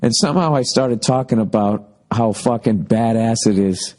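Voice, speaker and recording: A man's voice: medium pitch, normal speed, a little mellow. A man hosting his own podcast, telling road stories in a loose, profane, rambling monologue. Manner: profane, rambling storytelling with mocking impressions. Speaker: podcast host. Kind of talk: casual monologue.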